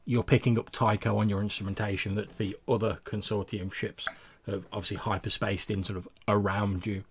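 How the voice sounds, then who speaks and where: A man's voice: fairly low pitch, little pitch movement, a little fast, slight background noise. A man narrating as game master of a tabletop game, describing scenes with loose fillers.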